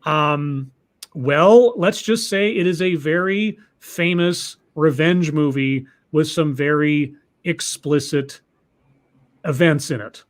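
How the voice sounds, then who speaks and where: Man with a fairly high voice telling a rambling story. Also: slow. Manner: rambling, with many restarts and repeated words. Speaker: podcast host telling a story. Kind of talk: casual storytelling.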